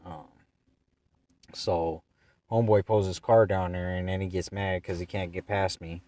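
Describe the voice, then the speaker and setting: Low-voiced man rambling a story. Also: fairly even intonation, unhurried, mellow, no echo, distant mic. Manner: rambling and profane, heavy slang. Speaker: vlogger. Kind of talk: casual storytelling.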